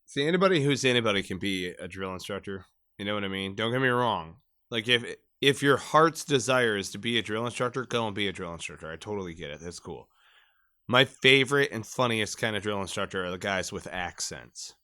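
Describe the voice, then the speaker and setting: A man's voice: lowish voice, animated, a little fast, bright, forceful tone. A man in his thirties, a podcast co-host and Marine veteran, telling profane, joking stories in casual chat. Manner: profane, joking storyteller who mimics accents.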